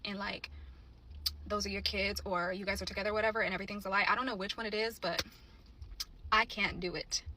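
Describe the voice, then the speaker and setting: Blunt fast-talking young woman. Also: fairly high pitch, sharp tone. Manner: blunt, swearing, indignant. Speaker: storyteller. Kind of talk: casual storytime to camera.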